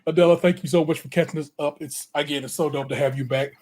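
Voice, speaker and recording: A man's voice: on the high side, fairly even intonation, fast, darkish tone. A man from Ohio co-hosting a podcast, chatting casually in slang with many restarts and a playful tone. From Ohio, USA. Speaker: podcast co-host. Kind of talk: casual chat.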